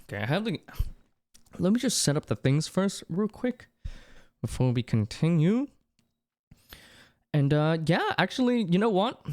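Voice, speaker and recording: A young adult livestreamer chatting casually with viewers, rambling and excitable, with many restarts. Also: medium pitch, measured pace, pauses often. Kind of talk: casual chat with stream viewers.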